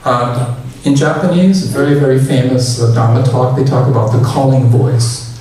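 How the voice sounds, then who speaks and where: A man giving a casual dharma talk as a temple minister, leading the congregation in loud chanting. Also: medium pitch, steady tone, normal speed. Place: large temple hall. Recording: echoey hall, mic at a distance.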